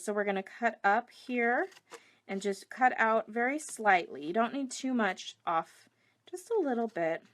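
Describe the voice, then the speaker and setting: A middle-aged woman demonstrating a paper craft project live, chatting and greeting viewers between steps. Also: a little high. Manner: chatty, reads viewer comments aloud.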